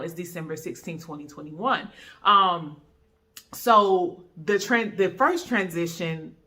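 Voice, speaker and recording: A young woman with a North Carolina accent talking casually to the camera in a sit-down vlog, chatty and relaxed, calling her viewers y'all. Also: lowish voice. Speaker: YouTuber, travel x-ray tech.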